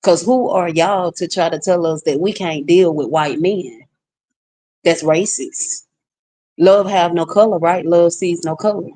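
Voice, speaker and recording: A woman's voice: lowish voice, a little slow, warm tone, no echo. A woman vlogger in a casual ranting monologue to her viewers, blunt and outspoken.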